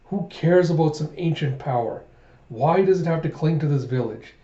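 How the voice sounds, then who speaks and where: A man's voice: on the high side, normal speed, echoey room, muffled recording, close to an everyday voice. A man doing a stern, scolding swordsman. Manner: sharp, scolding.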